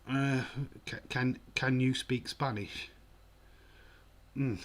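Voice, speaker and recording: A man's voice: mid-range voice, measured pace. A man streaming a live football watch-along, chatting casually and rambling with frequent restarts. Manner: rambling, self-correcting, chatty.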